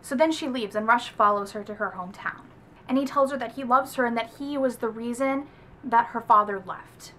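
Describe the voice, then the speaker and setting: A woman's voice: a little high, fairly quick, a little hiss or hum. A woman from the American South giving a casual, chatty book review vlog, with lots of "like" fillers. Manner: chatty, animated, heavy use of "like".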